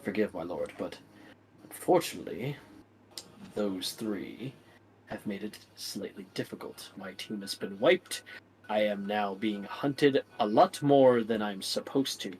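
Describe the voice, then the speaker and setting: A man voicing a scheming male villain who reports to his master in a low, hushed, groveling tone. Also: animated, unhurried, poor audio.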